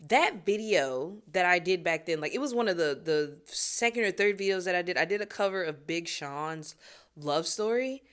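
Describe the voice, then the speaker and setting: Lively young woman vlogger, phone-recorded, chatty and reflective, laughs a lot. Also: on the low side, normal speed, clean tone. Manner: animated, laughs often, talks to viewers directly. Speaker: singer and vlogger. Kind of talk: casual reflective vlog to camera.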